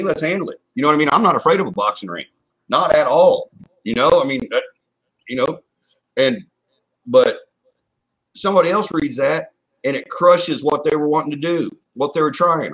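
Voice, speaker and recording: A man's voice: fairly high pitch, a bit bright, husky, low-quality recording. A man co-hosting a casual talk show, speaking bluntly and heatedly, swearing and repeating "you know what I mean". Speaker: co-host. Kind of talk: casual chat.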